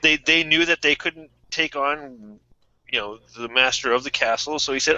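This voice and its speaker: A man's voice: medium pitch, moderate pace, sharp tone, dry recording, muffled recording. A man playing a tabletop game, hesitant and repeating his words as he argues. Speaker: player. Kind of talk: casual tabletop game chat.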